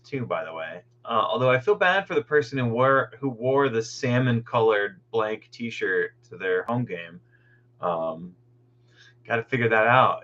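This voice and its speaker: A man's voice: fairly low pitch, fairly bright tone, muffled recording. A man hosting a meditation group from home on a video call, rambling casually and greeting people by name.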